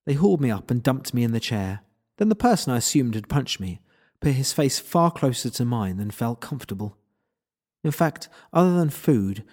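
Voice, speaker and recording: A man's voice: mid-range voice, darkish tone. A man narrating a first-person story in a wry, self-deprecating way.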